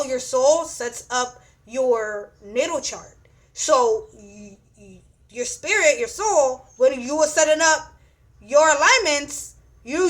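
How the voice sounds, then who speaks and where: Blunt, high-voiced woman giving astrology advice. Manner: blunt, profane, repeats "you know what I'm saying". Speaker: astrology reader. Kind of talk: casual astrology reading.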